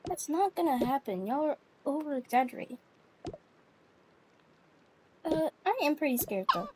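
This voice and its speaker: A woman's voice: high-pitched, lively intonation, normal speed. A woman narrating a pretend play scene and talking as a bossy, chatty mother figure. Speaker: toy role-play narrator. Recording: noisy home recording with clicks.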